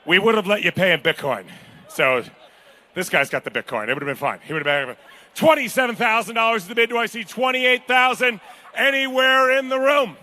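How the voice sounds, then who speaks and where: High bright-voiced charity auctioneer man. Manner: fast bid-calling, joking with the crowd. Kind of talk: live charity auction calling. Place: large banquet hall at a gala.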